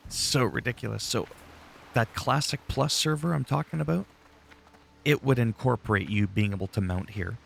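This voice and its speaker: A man's voice: medium pitch, moderate pace, creaky, a bit bright, a little hiss or hum. A man giving casual, rambling commentary while playing a game, chatty and swearing freely. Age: adult, long-time player. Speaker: gaming channel host.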